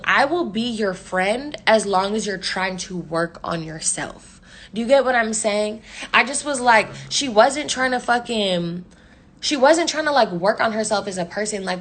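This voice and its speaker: Young woman, casual livestream rant, heavy swearing and slang, mid-range voice. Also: mid-range voice. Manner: profane, slangy, animated retelling with quoted dialogue.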